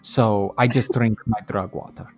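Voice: mid-range voice, steady tone, normal speed, a little mellow, muffled recording. A player speaking in character as a bard, stammering and playfully pompous, with faint guitar music behind. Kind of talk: in-character tabletop role-play.

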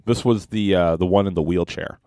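A man co-hosting a comedy podcast, telling a halting, rambling story in casual chat. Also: low-pitched, dark tone, clean tone, no room sound, studio quality. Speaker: podcast co-host.

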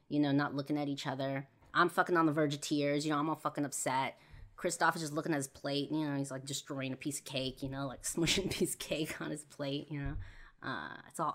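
A woman hosting a podcast, candidly telling a personal story with lots of fillers and swearing. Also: low voice. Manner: candid, profane, full of fillers; heated when reliving arguments. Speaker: podcast host.

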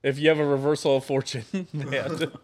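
A man's voice: medium pitch, flat delivery, quick pace. A young man co-hosting a casual podcast stream, rambling and laughing often as he chats with friends. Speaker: podcast co-host. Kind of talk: casual chat.

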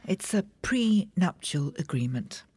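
An actress playing a vain older film star, dramatic and gushing, swinging between sharp and tender. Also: female voice, lowish voice, very animated, a little slow, breathy edge, full character voice.

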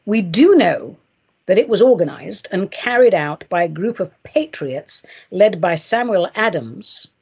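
A woman hosts a chatty solo podcast with a husky edge to her voice. Her pitch swoops up and down all the time, and she talks in a playful, theatrical, gushing way. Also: expressive, unhurried, darkish tone. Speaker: podcast host.

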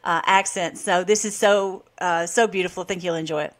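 A woman hosts an online commentary show, talking casually between played clips. She gets excited easily, laughs often, and her voice climbs sharply when she is worked up. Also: fairly low pitch, fairly quick.

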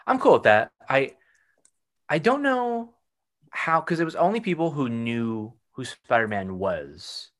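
A man's voice: medium pitch, big pitch swings, unhurried, a bit bright. A man in casual chat who rambles, trails off and searches for words.

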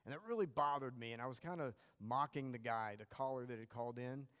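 A man's voice: medium pitch, fast talker, fairly bright tone. A man teaching a church class, telling anecdotes in a self-deprecating, conversational way. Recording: long hall reverb.

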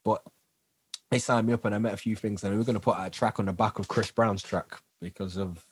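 A man guest on a podcast, telling lively stories, acting out what people said and laughing often. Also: on the low side, fairly quick, slightly rough, no echo. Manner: animated storyteller who acts out quotes and laughs often. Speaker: guest, dancer, singer and actor. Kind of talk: casual interview chat.

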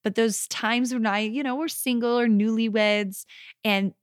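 High-voiced woman telling lively stories. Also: unhurried, clean tone, no echo, clean studio sound. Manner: animated storytelling, acting out scenes. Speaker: podcast co-host. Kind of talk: casual chat.

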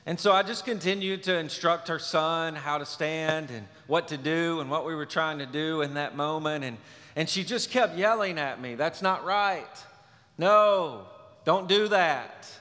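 A male pastor preaching a sermon, telling a story in a relaxed, conversational way. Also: fairly high pitch, moderate pace. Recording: long reverb of a large hall.

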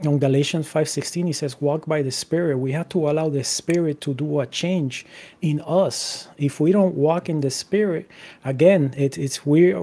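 Guy w a slightly high voice chatting about faith, reads scripture out loud, lots of you knows and restarts. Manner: conversational, many "you know" fillers and restarts; reads Bible verses aloud. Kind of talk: casual Christian discussion with scripture readings.

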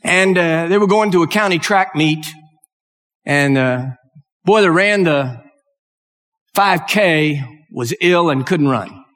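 A male preacher delivers a sermon, telling a story that builds into impassioned exhortation. His voice sits high for a man. It rings out with a long reverb, as in a large hall. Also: animated, slow pace, pauses often, fairly bright tone. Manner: emotional, rising to impassioned exhortation.

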